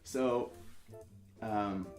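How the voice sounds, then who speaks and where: A young man with a fairly low voice tells a story casually, wandering, backtracking and doing little voices for the people involved. The room gives his voice a noticeable echo, and a guitar plays faintly in the background. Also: fairly even intonation, drawn-out words, a little mellow. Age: 20s. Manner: rambling, self-correcting, acts out quoted voices. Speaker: musician telling a story.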